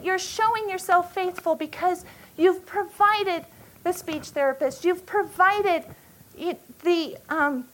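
High-voiced woman teaching at a retreat. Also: rough recording. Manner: earnest, halting, emotional storytelling. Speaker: retreat speaker.

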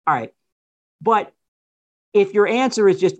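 In a political discussion, a male guest author with a high voice talks at normal speed, pausing often. He's animated, throwing out rhetorical questions and starting sentences over again and again.

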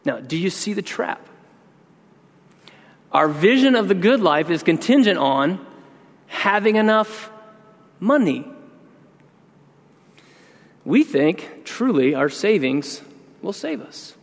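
A man preaching a sermon in an earnest, conversational way, slowing down to stress key words. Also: high-pitched, big pitch swings. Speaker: pastor. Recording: long reverb in a large hall.

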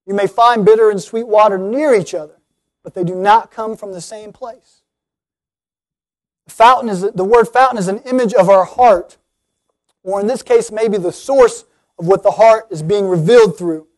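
A man's voice: sits high, moderate pace, a little mellow. A man preaching an earnest sermon, speaking directly to his listeners and rising to emphatic appeals.

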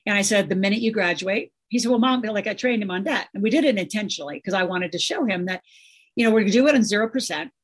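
A middle-aged woman speaking as a guest in a casual interview, emphatic and animated, full of fillers. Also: mid-range voice, quick pace, breathy edge. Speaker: guest, financial educator.

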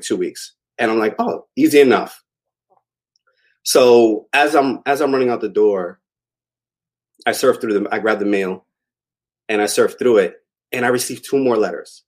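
A man's voice: lowish voice, darkish tone. Man telling a rambling story. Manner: rambling, conversational, many fillers. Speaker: interview guest. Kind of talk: casual storytelling.

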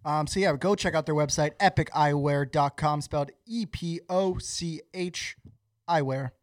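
A podcast host talks through sponsor reads in a loose, halting way, filling gaps with little hesitations. His voice sits a bit high for a man. The sound is dry and close, with no room around it. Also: dry recording. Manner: relaxed, hesitant with fillers. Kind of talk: casual podcast ad read.

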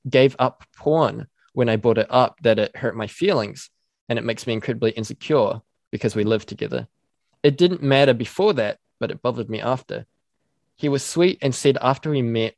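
A man co-hosts a podcast, his voice sitting in a middle pitch. He talks animatedly, swears freely and gets worked up over small things. The recording is dry and close on a desk microphone. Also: gravelly, a little mellow, dry recording. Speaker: podcast co-host. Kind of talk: casual chat and reading listener questions.

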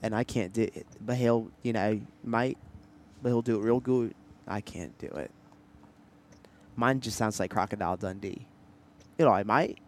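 A young man co-hosting a casual podcast, telling animated stories and trying out silly accents. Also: on the low side, moderate pace, slight background noise. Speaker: podcast co-host. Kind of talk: casual chat.

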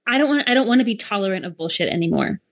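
A woman's voice: mid-range voice, animated, very fast. A woman in a casual conversation, affirming the other speaker with short agreeing sounds. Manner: affirming, lots of listening sounds.

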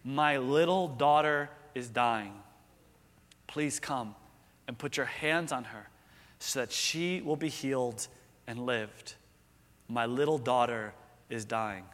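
A man acting out a desperate father begging for his dying little girl, hushed and repeating please, with a long hall echo trailing each line. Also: mid-range voice, takes it slowly, long pauses, voice pushed down. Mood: desperate pleading. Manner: pleading, repetitive, hushed. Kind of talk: sermon retelling.

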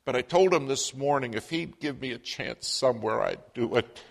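A man voicing a teary-eyed truck driver, making a quiet, choked-up confession in a sermon story. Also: mid-range voice, moderate pace, creaky.

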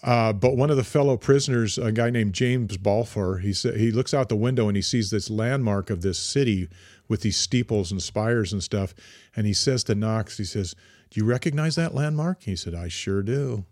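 A man's voice: fairly low pitch, moderate pace, darkish tone, dry recording. Male podcast co-host, chatty storyteller, frequent restarts, dry studio sound. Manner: rambling, many fillers and restarts. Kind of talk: casual history chat.

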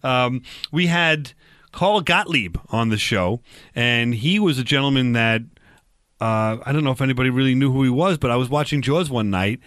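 A man hosts a radio talk show, chatting casually and rambling, with fillers and restarts. His medium-pitched voice is fairly bright and moves at normal speed, recorded with clean studio sound and no room sound.

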